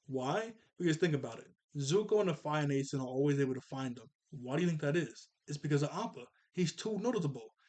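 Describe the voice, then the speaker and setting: A man's voice: a little high, lively intonation, quick pace, hardly any pauses, darkish tone. A man hosting a casual cartoon episode review, rambling along with chuckles and self-corrections.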